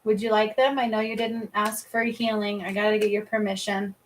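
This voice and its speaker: A woman's voice: medium pitch, level tone, a little fast, rough recording. A woman reading cards and giving healings on a casual livestream, chatty, laughing often and swearing casually. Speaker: psychic reader and energy healer.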